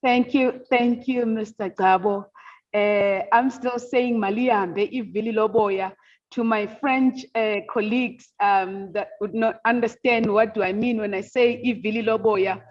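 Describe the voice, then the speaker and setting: A woman's voice: medium pitch, fairly even intonation, a little slow. A woman moderating a virtual seminar, emotional and formal, with many fillers. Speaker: event moderator. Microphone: video call. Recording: dull lo-fi video call audio.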